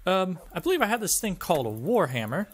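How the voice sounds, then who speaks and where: A man's voice: sits high, sing-song, quick pace. A man giving sarcastic, joking let's-play commentary, often laughing and swearing at the game. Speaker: gameplay commentator.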